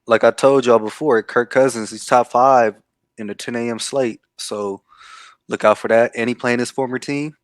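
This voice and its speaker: A man's voice: mid-range voice, fairly even intonation, normal speed, smooth, no room sound. A man co-hosting a casual sports picks chat, blunt and emphatic, swearing freely as he makes confident predictions. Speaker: co-host.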